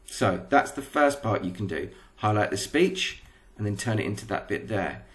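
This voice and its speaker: A man's voice: fairly low pitch, animated, moderate pace, fairly bright tone. A male primary school teacher with an English accent, giving a patient, step-by-step recorded lesson.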